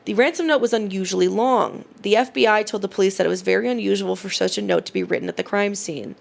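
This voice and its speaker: A woman's voice: mid-range voice, quick pace, creaky. A woman co-hosting a podcast, teasing in casual chat and reading long factual case notes. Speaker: podcast co-host.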